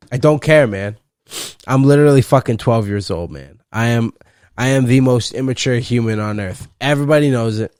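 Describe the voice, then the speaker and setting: A young man hosting a solo podcast, rambling and cursing playfully, breaking into loud laughs. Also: medium pitch, moderate pace, smooth, no echo, studio quality. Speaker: podcast host. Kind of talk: casual solo podcast rant.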